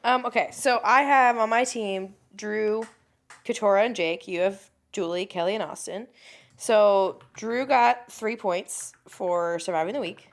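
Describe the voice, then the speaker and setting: A woman with a voice of everyday pitch co-hosts a podcast in casual chat. She hesitates often, fills her pauses and lets sentences trail off as she works through her thoughts. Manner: hesitant, trailing off with many fillers. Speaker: podcast co-host.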